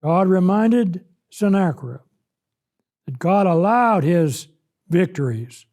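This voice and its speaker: Preacher guy teaching scripture, high mellow voice, slow and emphatic. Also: expressive. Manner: slow, emphatic, rises loud when voicing God. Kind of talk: sermon, Bible lesson.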